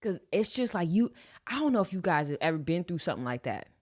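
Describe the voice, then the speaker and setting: A woman in her late twenties from Los Angeles, telling a personal story on a podcast in a slangy, animated way and acting out the scenes. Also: on the low side, fast talker. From Los Angeles, USA. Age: 20s. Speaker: podcast host. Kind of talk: casual storytelling.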